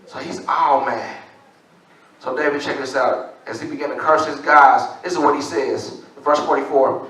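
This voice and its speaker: A man's voice: mid-range voice, fairly even intonation, moderate pace, a bit bright, heavy reverb. A male pastor preaching a sermon in a casual, slang-filled way, recorded from a distance in a church.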